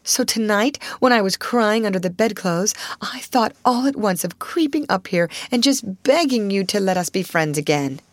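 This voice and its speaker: A woman voicing a tearful, affectionate plump schoolgirl in a high, unsteady, pleading voice, reading a classic novel aloud. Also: lively intonation, normal speed, few pauses, dry recording, lightly acted.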